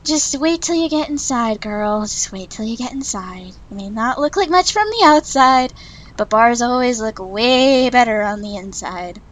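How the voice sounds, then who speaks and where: A woman's voice: fairly high pitch, expressive, moderate pace, natural voice. Woman reading as a firm male mentor. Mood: coaxing. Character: stern young male mentor, calm and firm. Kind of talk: reading a visual novel aloud.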